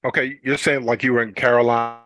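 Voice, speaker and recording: A man co-hosting a sports podcast, asking a hesitant, halting question. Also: medium pitch, level tone, fairly bright tone. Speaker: podcast co-host. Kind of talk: casual interview questions.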